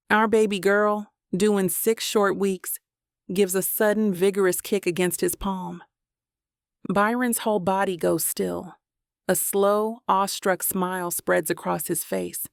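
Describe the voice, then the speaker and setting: A woman reads a first-person romance audiobook in a warm, emotional way, with a gravelly fry in her voice. The recording is close and completely dry. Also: mid-range voice, no room sound. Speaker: audiobook narrator.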